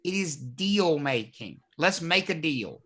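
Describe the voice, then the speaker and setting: Man, real estate instructor, bright forward voice, chatty lecture, quizzes the class. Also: a little high, very animated, slow pace. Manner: conversational, asks the class questions often. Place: classroom or live online class.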